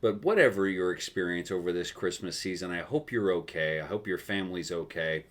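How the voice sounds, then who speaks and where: A gaming video host from South Texas tells a rambling, self-mocking story while playing a game, laughing often. His voice is low and a bit bright, and he talks a little fast.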